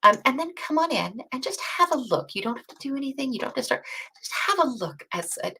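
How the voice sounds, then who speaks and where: Animated co-host, woman, gravelly and expressive, chatty teacher. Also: high voice. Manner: chatty, animated, self-deprecating, quick asides. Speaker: bootcamp co-host. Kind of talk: casual livestream teaching chat.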